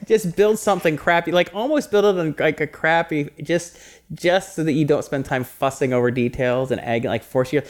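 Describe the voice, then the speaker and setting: Guy cohosting a podcast, rambly and lively, keeps cracking up. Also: fairly high pitch, normal speed, hardly any pauses. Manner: animated, laughs often, rambling restarts. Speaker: podcast co-host. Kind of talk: casual chat.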